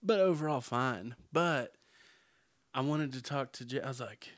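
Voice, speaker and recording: A man's voice: mid-range voice, unhurried, no echo, studio quality. A man co-hosting a podcast, telling a rambling story in casual chat and laughing as he goes. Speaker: podcast co-host.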